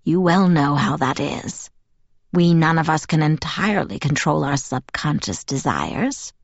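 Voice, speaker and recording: A slow, caressing ancient male vampire leader, put on by a woman reading a storybook, lowered a little below her own voice. His words are soft and affectionate. The recording is dry and somewhat dull. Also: expressive, vocal fry, no echo, heavily acted. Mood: silky.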